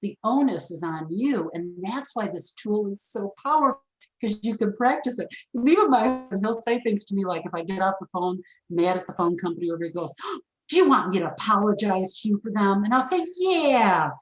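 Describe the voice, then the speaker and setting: Woman guest, frank, animated storyteller, mid-pitched, roomy echo. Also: fairly quick. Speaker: forgiveness expert guest. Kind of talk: storytelling in a podcast interview.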